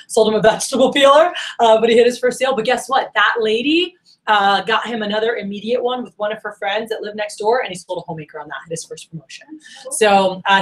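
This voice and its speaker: A woman coaching a room of sales managers, energetic and direct, acting out check-in calls with her reps. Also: medium pitch, low-quality recording. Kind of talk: training workshop talk.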